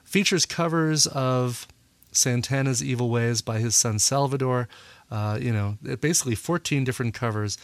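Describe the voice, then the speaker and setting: A man hosting a music podcast in a relaxed, casual way, often pausing with "uh" and correcting himself. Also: medium pitch, dry recording. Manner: relaxed, full of "uh" fillers and self-corrections. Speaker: podcast host. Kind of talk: casual radio-style podcast chat.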